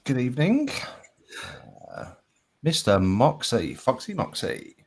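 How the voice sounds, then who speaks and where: A man with a Birmingham accent co-hosts a live chat show. He greets viewers one by one in chirpy, bouncing tones and drops in jokey asides. His voice sits at a middling pitch but moves about freely. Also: wildly swooping pitch, takes it slowly, husky. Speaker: co-host reading out chat names. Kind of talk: casual live-show banter.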